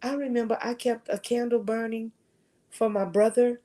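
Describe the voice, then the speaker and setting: A woman's voice: on the high side, steady tone, moderate pace, warm tone. A woman giving a conversational faith talk at a retreat, sharing earnest personal testimony. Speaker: retreat speaker.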